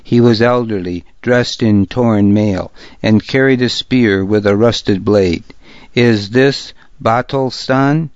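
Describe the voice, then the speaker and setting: Slow, low-voiced male narrator. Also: a little mellow, dry recording, dull audio. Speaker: audiobook narrator. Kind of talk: scripted narration.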